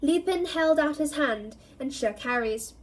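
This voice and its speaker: Expressive woman reading a novel aloud. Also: high voice, unhurried. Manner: expressive storytelling, voices each character. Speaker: reader.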